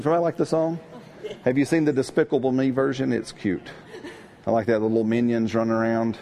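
A middle-aged man preaching a sermon in a lively, conversational way, often asking his congregation questions. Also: mid-range voice, fast talker. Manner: animated, call-and-response with congregation. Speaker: pastor.

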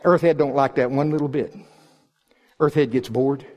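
A male preacher giving a sermon in a church service, animated and joking, swinging between loud and soft delivery. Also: medium pitch, normal speed, highs cut off.

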